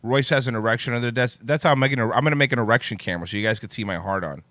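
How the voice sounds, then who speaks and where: A man's voice: mid-range voice, very fast, fairly bright tone, dry recording. A man hosting a talk show, ranting angrily with heavy swearing and then apologizing. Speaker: podcast host.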